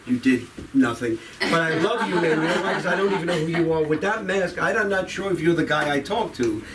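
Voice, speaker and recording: A man's voice: a little high, animated, a little fast, recorded from a distance. A man doing crowd-work stand-up on a club stage, rambling and profane as he teases people in the audience. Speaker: stand-up comedian.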